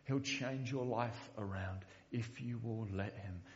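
A man with a mid-range voice preaches unhurriedly in a church, his sermon heard with a long reverb tail and the highs cut off. As a pastor speaking earnestly, he often doubles the first word when beginning a sentence.

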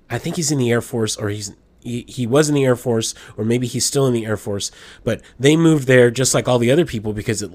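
Man telling stories, casual and profane. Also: mid-range voice. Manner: animated storytelling, frequent swearing. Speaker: podcast host. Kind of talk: casual podcast chat.

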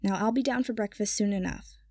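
A woman's voice: medium pitch, brisk, dark tone, husky, no room sound, studio quality. A woman doing a sour young nobleman. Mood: curt. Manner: sour, clipped.

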